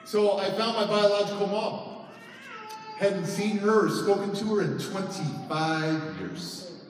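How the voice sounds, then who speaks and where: A man's voice: high voice, a little slow, a little hiss or hum. A man in his thirties, a motivational speaker telling a personal story at a conference, acting out voices and laughing often. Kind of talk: storytelling keynote speech. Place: large conference hall. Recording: echoey hall from far off.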